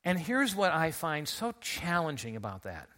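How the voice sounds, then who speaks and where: This middle-aged pastor's slightly high voice swoops wildly in pitch as he preaches an earnest Easter sermon at normal speed. Recovering from a recent illness, he climbs to loud, emphatic calls to his congregation.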